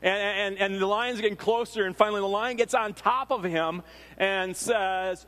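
A Minnesotan man preaching a casual, story-driven sermon, his fairly high voice trailing into a long reverberant tail. He talks like he's chatting with the congregation, circling back with fillers and restarts. The sound carries the echo of a big sanctuary. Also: moderate pace. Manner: conversational, animated storytelling with frequent fillers and restarts. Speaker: pastor. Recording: long reverb of a large hall.

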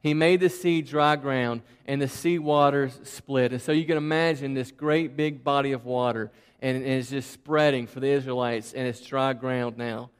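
A man telling a Bible story as a sermon, in a casual, animated storytelling way with frequent asides to the listeners. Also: mid-range voice, moderate pace, few pauses, clean tone, long reverb tail.

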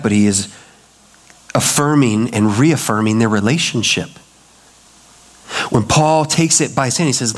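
A man preaching a sermon as pastor, talking in a conversational way, acting out quoted voices and dropping low and slow to stress a point.

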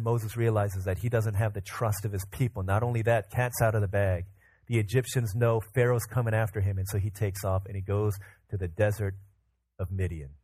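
A male pastor with a medium-pitched voice preaches a sermon, retelling a story in a lively way. His telling includes restarts and fillers.

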